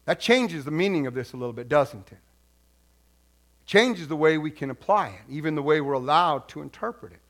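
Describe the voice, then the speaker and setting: A male pastor gives a sermon in a high, bright voice. He talks to the congregation conversationally and animatedly, and he often repeats words as he restarts a phrase. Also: lively intonation, a little fast.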